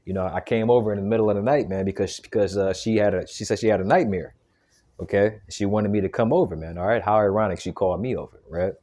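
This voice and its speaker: A man's voice: fairly low pitch, fast, dark tone. A man giving an informal sermon, emphatic and stammering, tagging nearly every phrase with "man" and "okay". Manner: stammering restarts, repeated words. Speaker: preacher.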